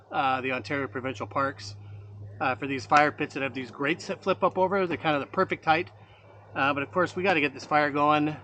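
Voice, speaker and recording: A man's voice: fairly high pitch, pushed and bright, slight background noise. A man, chatting casually to viewers while camping outdoors at a lakeside site. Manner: chatty, addresses viewers as gang, many uh fillers. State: a little out of breath. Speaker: outdoor vlogger.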